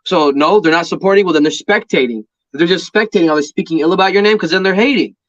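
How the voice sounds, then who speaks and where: A man's voice: high-pitched, fast. A man co-hosting a podcast, rambling loosely in casual chat with many fillers. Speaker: podcast co-host. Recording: dull lo-fi audio.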